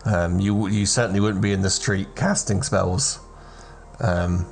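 A man acting as game master at a tabletop game, patiently laying out how the world works. His voice is fairly low and he restarts phrases as he thinks. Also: fairly even intonation, a little slow. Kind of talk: tabletop game narration and rules talk.

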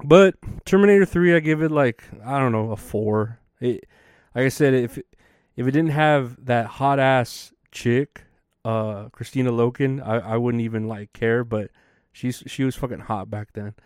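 A man's voice: medium pitch, measured pace, darkish tone, smooth, no echo, clean studio sound. A man hosting a podcast in a casual, rambling monologue, swearing often and stopping for fillers. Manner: profane, rambling, with many fillers. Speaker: podcast host.

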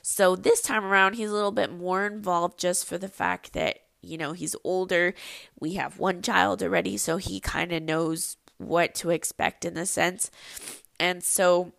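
A young adult woman shares a personal story on her podcast in a loose, chatty way, filling pauses with ums and likes. Her voice sits low with a gravelly fry. The sound is close and dry, with no room echo. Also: steady tone, fairly bright tone. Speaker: podcast host.

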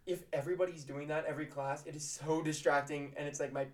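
A man teacher co-hosting a podcast in casual chat, telling lively classroom stories and acting out scenes. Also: on the high side, fast. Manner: animated storyteller who acts out classroom scenes.

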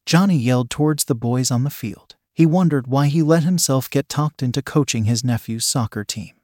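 Male story narrator, even matter-of-fact read, mid-pitched, dry close mic. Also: normal speed, few pauses, dry recording.

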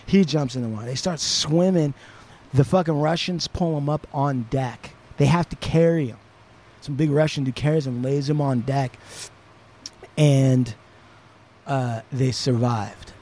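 A man hosting a podcast, retelling a story in a casual, profane, animated way. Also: mid-range voice, a little slow. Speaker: podcast host.

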